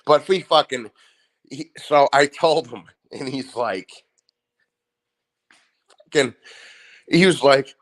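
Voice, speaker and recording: A man's voice: medium pitch, slow pace, long pauses. A man hosting a casual boxing chat stream, rambling and swearing with lots of energy. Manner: profane, rambling, animated. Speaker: stream host.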